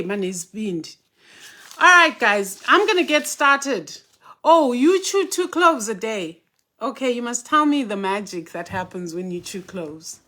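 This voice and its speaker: A woman's voice: fairly high pitch, sharp tone, a little hiss or hum. A woman casually hosting a livestream, greeting viewers one by one by name and mixing in Zulu and Xhosa. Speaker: spiritual teacher hosting a livestream.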